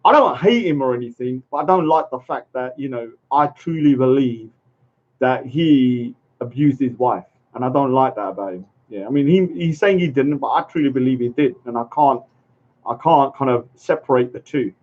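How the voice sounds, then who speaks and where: A man's voice: mid-range voice, moderate pace. A man hosting a casual live stream, rambling, chatting and talking to his viewers. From England. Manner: rambling, chatty, reads chat and addresses viewers. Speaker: livestream host. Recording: dull lo-fi stream audio.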